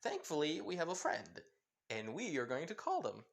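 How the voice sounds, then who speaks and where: A relaxed, self-assured teenage boy who talks low and soft, easing his friend's nerves, as a man puts him on. His delivery stays hushed and unhurried, like a homemade fan story told out loud. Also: gravelly, heavily acted. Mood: reassuring. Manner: quiet, laid-back, soft-spoken. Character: calm, confident teen boy, supportive friend.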